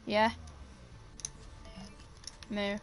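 A woman casually commenting on her own gameplay and talking excitedly to her teammates. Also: very slow, faint music behind. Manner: chatty, excitable, talks to teammates while playing. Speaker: gaming channel host.

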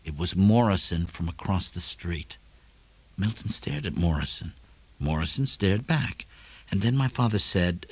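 A man reading a novel aloud in measured, lively storytelling narration. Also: lowish voice, husky, no room sound. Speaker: audiobook narrator. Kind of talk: scripted narration.

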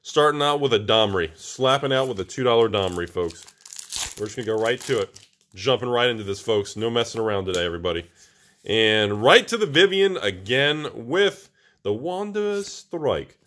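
A man hosting a casual vlog, joking and getting excited as he opens card packs, calling his viewers folks. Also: lowish voice, moderate pace. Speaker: channel host opening card packs.

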